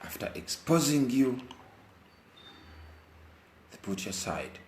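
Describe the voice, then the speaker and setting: A man's voice: mid-range voice, very animated, takes it slowly, a little mellow, echoey room, a little hiss or hum. A Ugandan man speaking emotionally in a live commentary, mixing Luganda and English and repeating his points with passion. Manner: impassioned, repeats phrases, mixes Luganda and English. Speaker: vlogger. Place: indoors while rain falls outside.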